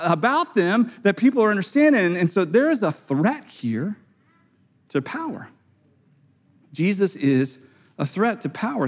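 Lively-voiced man preaching a casual sermon. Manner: conversational, acts out quoted voices with sudden high pitch jumps. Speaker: pastor.

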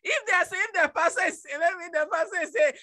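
A very high, bright woman's voice, preaching a personal testimony. She repeats herself, breaks into shouts and laughs, and sounds dry and close, with no room around her. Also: brisk, no room sound. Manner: emotional, repetitive, with sudden shouted outbursts and laughs. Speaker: evangelist. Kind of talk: testimony sermon.

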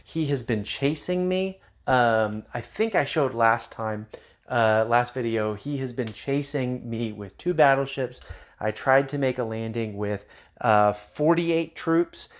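A man's voice: mid-range voice, takes it slowly. A man giving casual commentary on a strategy game, with many ums and uhs. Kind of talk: gameplay commentary.

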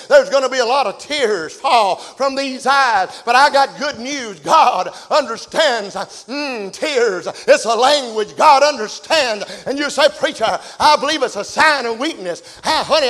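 High-voiced preacher, folksy and shouting. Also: male voice, big-room sound. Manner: folksy, chanting into shouts and hushed lows. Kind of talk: revival sermon.

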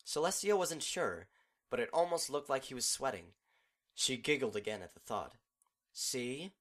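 A man narrating a fan fiction audiobook in a steady, measured storytelling manner. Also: medium pitch.

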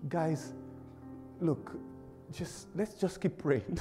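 A man preaching a sermon in a church service, his voice sitting slightly high and swinging widely in pitch. He is humorous and animated, laughing often as he acts out little voices. Faint music plays softly beneath him. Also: normal speed, pauses often. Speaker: pastor.

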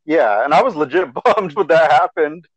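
A young man co-hosting a podcast in casual chat, recapping a movie in a relaxed way full of fillers and quoted reactions. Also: on the high side, moderate pace. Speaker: podcast co-host. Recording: dry, dull lo-fi podcast audio.

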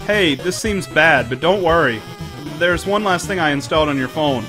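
A man voicing a nervous female lizard scientist in a video game, talking in a hurried, eager way. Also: a little high, expressive, over music, close to an everyday voice. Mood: reassuring.

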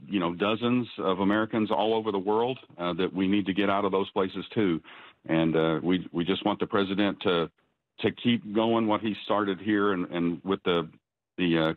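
A father being interviewed by phone on the news, speaking haltingly with many restarts. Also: low voice, dry recording. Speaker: father of a released prisoner. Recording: tinny phone line, dry.

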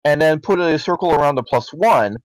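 Male game master explaining rules, halting and matter-of-fact, with a slightly high voice and a dry, close sound. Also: animated, no room sound, low-quality recording.

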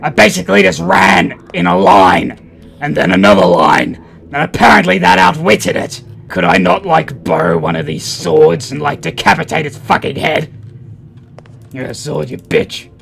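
A man's voice: on the high side, big pitch swings, normal speed, vocal fry, breathy edge. A man doing profane, joking let's play commentary while playing a horror game. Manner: crude, loud, profane joking. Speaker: gaming channel host.

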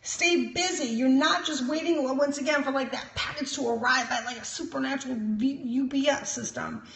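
A woman's voice: sits high, moderate pace, vocal fry, fairly bright tone. A woman minister giving an emphatic sermon-style teaching, sprinkling in praises and chuckles. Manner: emphatic preaching with frequent "praise God" and chuckles. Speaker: prophet and minister. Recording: roomy echo.

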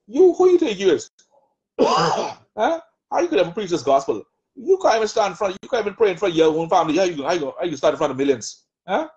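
A man with a Bahamian accent preaching a sermon, taunting in rapid repeated jabs as he voices the enemy's lies. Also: high voice, big pitch swings, darkish tone, dull audio. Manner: taunting, mocking the devil's voice in rapid repetitive jabs. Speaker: prophet preaching.

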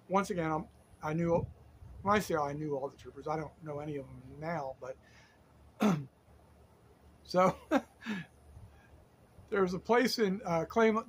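A man's voice: a little high, slight background noise. A middle-aged man from Delaware casually telling a true story, rambling with lots of fillers and self-corrections. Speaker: storyteller host.

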